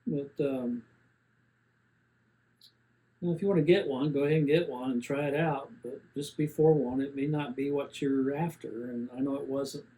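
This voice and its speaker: A man's voice: mid-range voice, steady tone, moderate pace, dark tone, low-quality recording. A man in his seventies rambling plainly through a casual gear review, with many fillers and restarts. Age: 70s.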